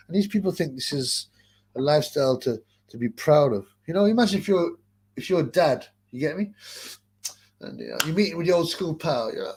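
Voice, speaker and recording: Rambling man, slightly high voice. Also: fairly quick, a little mellow, husky. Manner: rambling, crude and jokey, heavy with filler sounds. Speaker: live-stream boxing chat host. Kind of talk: casual post-fight live-stream chat.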